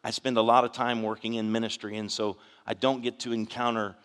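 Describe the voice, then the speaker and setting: A man's voice: mid-range voice, level tone, fairly quick, fairly bright tone, clean tone. A male pastor preaching in a church sanctuary, in a mid-range voice that trails off into a long reverb. His sermon is conversational and earnest, full of restarts and asides to the congregation. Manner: earnest storytelling, frequent restarts and "you know".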